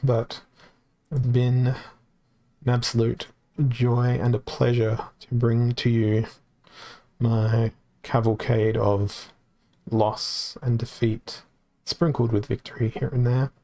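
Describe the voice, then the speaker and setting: A male streamer with a gravelly, fry-edged voice of middling pitch, talking through his card game live. He is wry and self-deprecating, thinking out loud as he picks his moves. His voice sounds worn, as if he is losing it. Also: flat delivery, takes it slowly, pauses often. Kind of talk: casual live-stream commentary.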